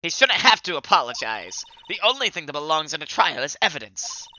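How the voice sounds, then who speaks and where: A man voicing a proud, righteous young boy with a put-on British accent, in a crisp, scolding manner. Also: a little high, big pitch swings, fairly quick, pushed and bright, slight background noise, full character voice, poor audio. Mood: indignant.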